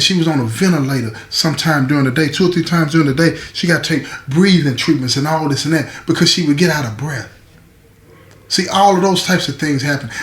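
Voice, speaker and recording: A man's voice: a little high, fairly bright tone. Man spinning a street story, roomy echo. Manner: conversational, repeats phrases, asks listener "you understand?". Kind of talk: casual oral storytelling. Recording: echoey room.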